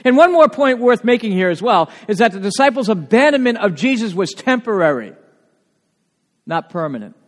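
A male pastor preaching a sermon in a church, animated and emphatic, with frequent asides to the congregation. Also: high-pitched, moderate pace. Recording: long reverb of a large hall.

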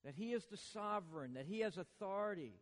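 A man preaching a sermon in a church, swinging from hushed lines to booming ones with joking asides. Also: lively intonation, fairly quick, long reverb tail. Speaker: pastor.

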